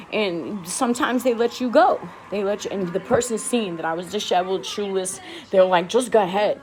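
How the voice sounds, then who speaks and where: A woman's voice: medium pitch, a little hiss or hum. New woman telling a true story. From the Bronx, New York. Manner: emphatic and repetitive, talks straight to her viewers. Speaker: vlogger. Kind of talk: casual confessional storytelling to viewers.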